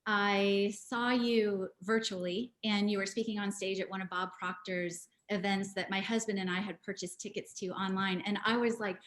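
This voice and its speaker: A woman's voice: medium pitch, steady tone, moderate pace, few pauses. Brief: woman, mid-range voice, heartfelt tribute, video call from home. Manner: earnest, with frequent ums. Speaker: party guest. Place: her home.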